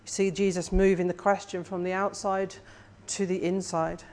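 A preacher delivering a sermon in a measured, reflective way, often putting questions to the listeners. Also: medium pitch, little pitch movement, darkish tone.

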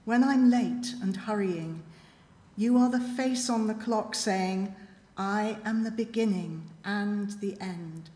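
A woman reads a reflective poem slowly in a mellow, soft voice. She is measured and quiet and leaves long pauses. Her voice rings through a church with a long, echoey reverb. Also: mid-range voice. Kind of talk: slow reflective poetry reading.

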